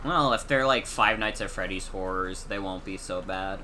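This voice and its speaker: A man streaming a video game chats casually and rambles, using lots of fillers. His voice sits low at a moderate pace, sounding pushed and bright over slight background noise.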